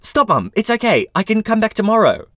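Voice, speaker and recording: A man voicing a shy, apologetic eighteen-year-old daughter who tries to calm her mother. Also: high voice, fairly quick, no echo, clean studio sound, voice pushed up. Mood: placating.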